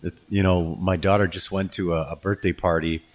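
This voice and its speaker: Host: middle-aged man, lowish voice, lively storyteller who acts out what people said. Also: fairly quick. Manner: animated storyteller, acts out quotes. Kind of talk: casual chat over food.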